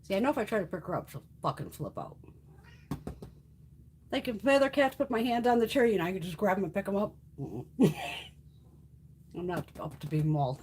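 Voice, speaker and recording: A woman hosting a casual beauty livestream, chatting with viewers, swearing freely and coaxing her cat in a high sing-song voice. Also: very animated, brisk, long pauses, darkish tone, breathy edge.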